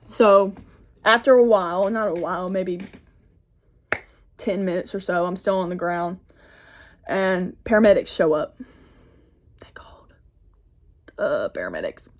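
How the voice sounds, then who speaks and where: A woman's voice: fairly low pitch, a little slow, pauses often. A teenage girl telling a storytime tale in a casual, rambling way, full of "like" and "y'all", recorded on a phone camera. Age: teens. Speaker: vlogger. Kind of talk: get-ready-with-me storytime.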